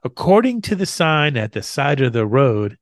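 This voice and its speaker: A man's voice: mid-range voice, sing-song, normal speed, dry recording. A man co-hosting a podcast in casual chat, often stumbling and repeating words as he thinks. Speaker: podcast co-host.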